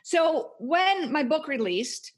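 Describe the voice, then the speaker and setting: A woman's voice: sits high, expressive, slow. A woman guest author talking passionately and emphatically in a podcast interview. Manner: passionate, emphatic motivational talk.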